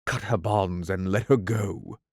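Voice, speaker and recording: A man's voice: low-pitched, fairly even intonation, a little slow, dry recording, clean studio sound. A man playing a boastful boy faking a pirate captain. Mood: commanding. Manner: commanding, mock-menacing. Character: cocky boy imitating a menacing pirate captain.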